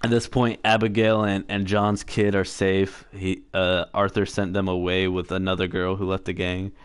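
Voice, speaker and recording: A man's voice: low voice, level tone, moderate pace, smooth, no room sound, studio quality. A man giving casual gameplay commentary, rambling through a story recap with fillers, self-corrections and offhand swearing. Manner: profane, offhand. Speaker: gameplay streamer.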